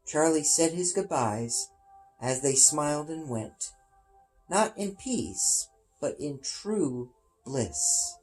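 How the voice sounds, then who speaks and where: Slow, expressive storybook reader, male, faint music behind. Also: fairly high pitch, rough recording. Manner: dramatic, expressive reading. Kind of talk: storybook reading.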